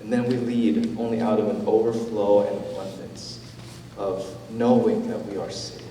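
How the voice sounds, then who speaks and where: Male pastor, low and mellow, easygoing sermon delivery, miked from afar in a roomy church hall. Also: level tone, moderate pace, far from the mic, a little hiss or hum. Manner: conversational, gentle preaching with fillers. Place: church sanctuary.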